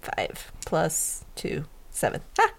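A woman's voice: medium pitch, animated, background noise. A woman playing a tabletop game in a casual, laid-back way. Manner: unhurried, laughing. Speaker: player.

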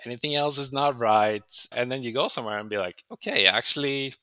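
A man tells stories as an interview guest, his voice bright and forward. He slips into lively quoted voices as he goes, recorded close and dry with no room sound. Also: mid-range voice, a little fast, clean tone, dry recording. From Sweden. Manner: animated, acts out quoted voices. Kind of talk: conversational storytelling.

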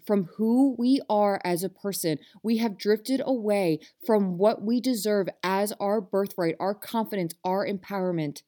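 A woman's voice: medium pitch, dark tone. A woman with an ordinary mid-range voice delivers a motivational self-help talk. She speaks straight to her listeners, earnest and passionate. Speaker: self-help podcast host.

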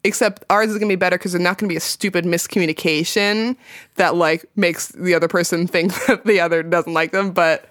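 A woman co-hosting a podcast in casual chat, playful with quick asides. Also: fairly low pitch, steady tone, fairly bright tone, dry recording, clean studio sound. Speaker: podcast co-host.

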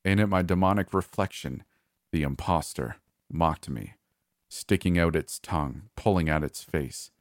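A man narrating a horror story in a calm, measured way. His voice is extremely deep and his pace slow and deliberate, recorded dry and close. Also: no echo. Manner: measured, calm first-person telling.

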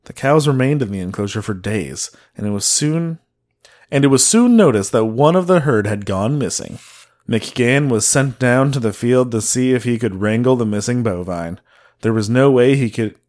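A man reads a strange old story aloud on a casual comedy podcast. He reads at an ordinary pitch and keeps breaking off to crack jokes. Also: lively intonation, moderate pace, darkish tone. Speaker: podcast host reading a paranormal story.

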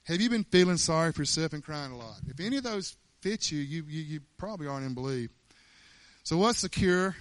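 A man's voice: on the high side, expressive, brisk, dry recording. A man preaching a sermon, firing off rhetorical questions and repeating words as he builds.

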